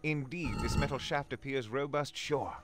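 An actor playing a courteous young hero who speaks in formal, archaic phrases, from a video game. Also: male voice, medium pitch, normal speed, natural voice. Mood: earnest. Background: game music.

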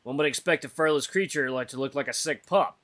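A man's voice: mid-range voice, a little fast, fairly bright tone, natural voice. A man voicing a serious young male wolf heir as he reads a visual novel aloud, with an earnest, solemn delivery. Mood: teasing. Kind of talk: voiced visual novel reading.

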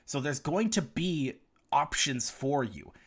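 A man's voice: on the high side, animated, takes it slowly, slightly rough. A young man commentating over gameplay footage, explaining strategy to viewers in a guide. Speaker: gaming guide creator.

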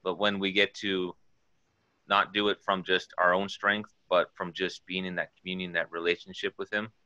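Deep, bright-toned man giving testimony. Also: little pitch movement, normal speed, no room sound. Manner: rambling, earnest preaching with scripture quotes. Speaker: guest sharing testimony. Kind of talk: informal spoken testimony. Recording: dull lo-fi dry sound.

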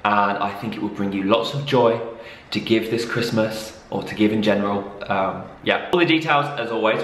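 A young man vlogging a DIY project, loud, excitable and over the top. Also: lowish voice, moderate pace, echoey room. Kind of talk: chatty DIY vlog.

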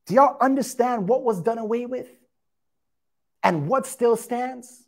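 A woman's voice: on the high side, a little slow, darkish tone. Lady preacher reading scripture, keeps stopping to make a point. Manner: emphatic, repeats "watch this". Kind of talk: sermon reading and explaining scripture.

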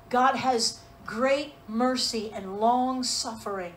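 A woman preaching a sermon with a high, bright-pitched voice. She delivers it emphatically, with pointed rhetorical questions to her listeners. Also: animated, a little slow, slight background noise, poor audio. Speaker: pastor.

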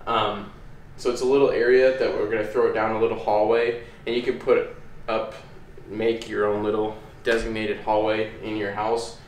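A man talks in an easygoing, rambling way, slipping in fillers as he explains a simple method. His voice sits a little low. The room around him is echoey, with a faint hum of background noise. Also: flat delivery, normal speed, hardly any pauses. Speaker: dog trainer, channel host. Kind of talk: casual how-to explanation. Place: indoors at home by a hallway.

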